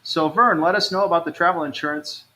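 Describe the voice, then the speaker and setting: A man runs a live travel stream, reading out viewer comments and chatting upbeat with "you guys," despite low energy from recovering stomach trouble. His slightly high voice sounds pushed and bright, and he talks quickly. Audio quality is poor.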